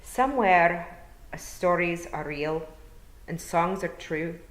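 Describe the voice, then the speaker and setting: A woman voicing a tiny, shrewd, dying old pixie clan mother who speaks slowly and weakly in a put-on Scottish accent. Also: lowish voice. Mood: fading. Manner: slow, weak, murmuring. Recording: roomy echo.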